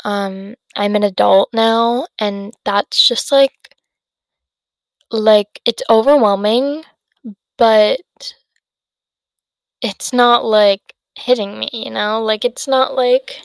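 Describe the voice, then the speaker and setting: A woman's voice: a little high, slow, dry recording. An eighteen-year-old woman chatting on her solo podcast, rambling with many fillers and sounding tired and yawny. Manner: rambling, lots of fillers and self-interruptions. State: tired, yawning. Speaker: podcast host. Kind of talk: casual solo podcast chat.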